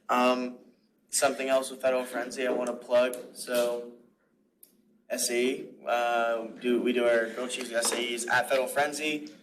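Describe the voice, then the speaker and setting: A man's voice: mid-range voice, fairly bright tone, slight background noise. A young man casually making announcements at a student government meeting. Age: young adult. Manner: casual, rambling with fillers. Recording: distant mic with crowd behind.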